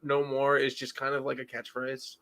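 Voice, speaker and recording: A man who is a guest fan on a casual show review, tossing in jokes and quick quips. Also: medium pitch, completely flat delivery, fairly bright tone.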